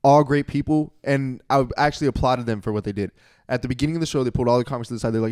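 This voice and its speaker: A young man talks quickly in a casual podcast chat, his voice smooth and clear. He is self-deprecating and acts out what other people said. The sound is close and dry. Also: mid-range voice, dry recording. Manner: self-deprecating, animated storytelling with quoted voices. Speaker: podcast co-host, comedian.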